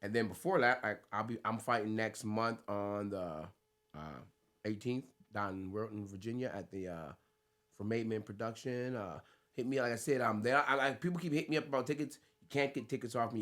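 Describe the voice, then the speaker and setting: A man's voice: lowish voice, fairly quick, fairly bright tone. A man from the United States, a fighter co-hosting a podcast, chatting casually with loose, laughing, swearing banter.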